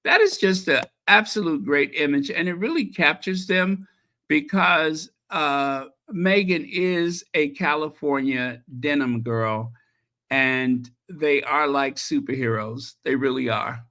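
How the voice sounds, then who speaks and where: A man's voice: fairly high pitch, lively intonation, slow, sharp tone. A man hosting a casual livestream, chatting and reacting to viewer messages with many fillers. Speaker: channel host.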